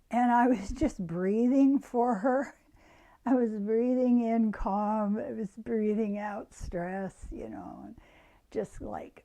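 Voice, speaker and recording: A woman talks to her viewers about self-help in a slow, unhurried way. Her voice is mellow and slightly high, and she often sinks into a hushed near-whisper. She sounds like an older woman speaking gently. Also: expressive. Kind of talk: reflective self-help talk to camera.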